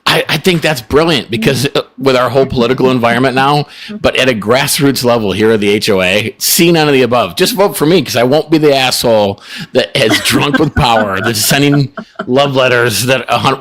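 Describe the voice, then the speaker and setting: A man's voice: medium pitch, brisk, a bit bright. A middle-aged man co-hosting a podcast in casual chat, rambling and laid-back with frequent chuckles. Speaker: podcast co-host.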